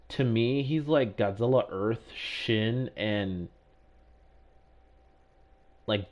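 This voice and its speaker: A man's voice: on the low side, highs cut off. A man livestreaming a game, chatting casually with his chat and swearing angrily at other players. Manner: chatty, answers chat questions. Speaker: gaming livestreamer.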